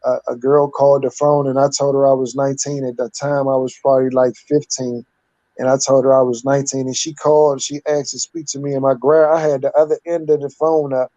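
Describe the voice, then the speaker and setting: A man's voice: medium pitch, flat delivery, fairly quick, dark tone, no room sound, muffled recording. A man in his fifties, a guest telling his life story candidly in a rambling, casual way. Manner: candid, rambling, street-talking with repeated "like".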